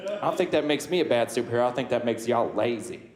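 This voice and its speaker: A man's voice: mid-range voice, animated, fast, darkish tone, pitched below the performer's own voice, close to an everyday voice. A man playing a flamboyant southern superhero of the sea, speaking with a sassy Southern US drawl and folksy catchphrases in a stand-up roast. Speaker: roast comedian in character. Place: comedy club stage. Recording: echoey club with audience laughter. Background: crowd laughing.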